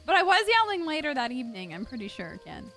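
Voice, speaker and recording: Excitable bright-voiced woman streamer. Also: sits high, quick pace. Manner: excitable, loud outbursts, chatty storytelling. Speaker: game streamer. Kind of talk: casual live-stream chat while gaming. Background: game music.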